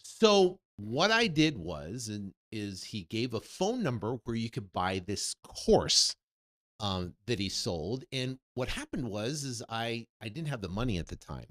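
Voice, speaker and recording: Man, 50s, real estate coach, animated storyteller, very lively pitch swings. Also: a little slow. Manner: animated storyteller who acts out quoted dialogue. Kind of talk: personal story told to an audience.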